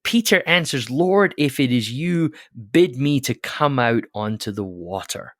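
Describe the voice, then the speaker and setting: A man's voice: mid-range voice, animated, measured pace, fairly bright tone, no room sound, studio quality. A man co-hosting a podcast who explains Bible passages in a casual, teacherly way, often restarting his words. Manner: explanatory, repeats words when starting, laughs often. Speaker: podcast co-host.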